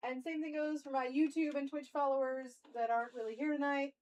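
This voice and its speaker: A woman's voice: high voice, steady tone, fairly quick, darkish tone, slight background noise, low-quality recording. A young woman streamer musing aloud in casual live-stream chat.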